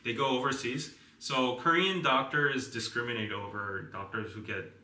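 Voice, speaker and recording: Casual male podcast host, bright and roomy. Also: mid-range voice, moderate pace, recorded from a distance, slight background noise. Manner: rambling, many fillers and restarts. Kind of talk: casual chat.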